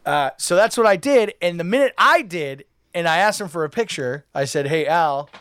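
A man co-hosting a podcast tells a rambling story, packed with filler words. His voice is smooth and resonant, a touch higher than most men, and the sound is dry with no room echo. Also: animated, moderate pace, a bit bright. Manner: rambling, many "like" fillers, acts out quotes. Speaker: podcast co-host. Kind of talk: casual storytelling.

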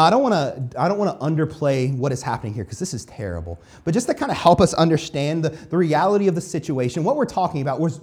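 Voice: mid-range voice, mellow. A pastor preaching a sermon in a conversational, self-deprecating way, often repeating phrases.

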